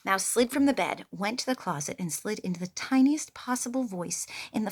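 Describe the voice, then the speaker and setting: A woman reading a picture book aloud, expressive and playful with her own asides. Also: medium pitch, a little fast, hardly any pauses, slightly rough. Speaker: storyteller.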